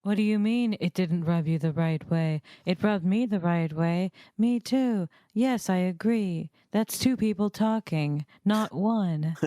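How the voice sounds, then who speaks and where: Female podcast guest, unhurried, wry asides, dry close sound. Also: fairly low pitch, mellow, no echo. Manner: wry quick interjections. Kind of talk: casual chat.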